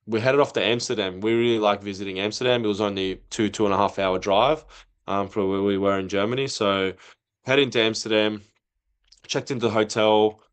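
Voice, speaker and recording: Low-voiced man telling a lively story. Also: a little fast, clean tone. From not from Europe. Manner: animated, acts out quoted dialogue. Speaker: podcast guest, former footballer. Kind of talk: casual storytelling.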